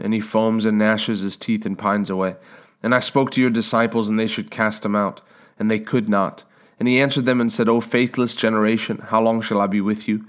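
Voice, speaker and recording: A man preaching a sermon, reading scripture aloud and praying earnestly, slowing down to stress words. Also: on the low side.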